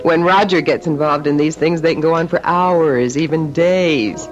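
An actress playing a sharp-tongued, sarcastic businessman's wife, in a dull old radio drama recording with music. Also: low-pitched, normal speed, close to an everyday voice. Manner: dry, needling, sarcastic.

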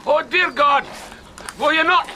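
A man's voice: very high-pitched, unhurried, sharp tone, a little hiss or hum, heavily acted. An actor with a Scottish accent playing a vain older male wandering poet who talks in a grand, theatrical way. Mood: pleading. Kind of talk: film drama acting.

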